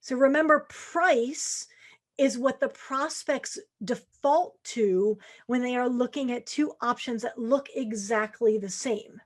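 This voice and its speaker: A woman's voice: on the high side, slow. Woman sales coach, conversational podcast. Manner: conversational, acts out quoted lines of prospects. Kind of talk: podcast sales advice monologue.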